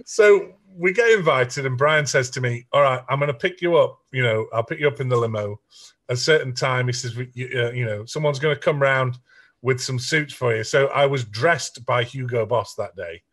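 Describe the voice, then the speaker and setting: A man's voice: mid-range voice, normal speed. Sheffield guy, middle-aged songwriter, spinning stories in an interview, does the voices. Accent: Sheffield English. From England. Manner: animated anecdotes, acts out voices and quotes. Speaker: songwriter guest. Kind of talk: storytelling interview.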